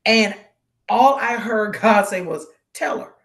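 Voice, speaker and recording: Her voice mid-range and her delivery slow, a woman appearing as guest co-host on a live broadcast recounts a personal testimony. She brings it to life by animatedly voicing the characters in her story.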